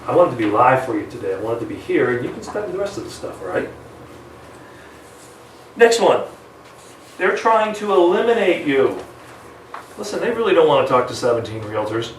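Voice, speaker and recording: A man with a fairly high voice leads a live sales training seminar, full of energy as he acts out client phone calls and deliberately shifts his speed. There's a little hiss or hum, and the mic sits at a distance in an echoey room.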